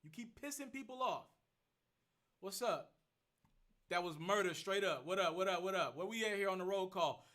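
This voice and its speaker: A young man hosting a casual phone livestream, rattling off rapid shout-outs to viewers and answering their questions. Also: high-pitched, animated. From Memphis. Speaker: livestream host.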